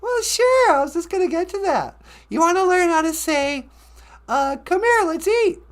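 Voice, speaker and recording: A man doing a high sing-song woman co-host. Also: sing-song, normal speed. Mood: cheerful. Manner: bright, sing-song, teacherly. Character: cheerful chatty woman co-host, wife. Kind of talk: comedy sketch.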